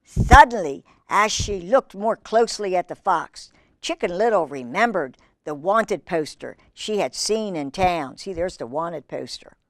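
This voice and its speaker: A woman's voice: lowish voice, measured pace, no room sound, studio quality. A woman reading a picture book aloud to children, exclaiming and chatting about the pictures. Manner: animated, exclaiming, chatty asides to kids. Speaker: children's storytime reader.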